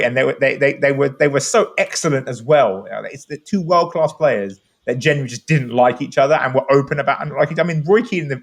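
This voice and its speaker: A man talking football on a podcast in a rambling, enthusiastic, casual way. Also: medium pitch. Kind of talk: animated casual chat.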